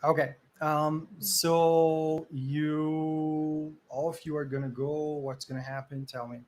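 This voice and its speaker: A man narrates a tabletop horror game as game master. His voice sits a little high, and he paints scenes vividly while pausing on fillers. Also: little pitch movement.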